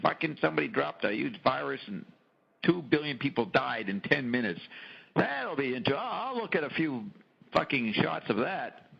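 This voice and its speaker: Middle-aged male host, gravelly and husky, very lively delivery, profane casual storyteller. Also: mid-range voice, moderate pace, rough recording. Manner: animated storyteller, frequent profanity. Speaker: podcast host. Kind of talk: casual conversation.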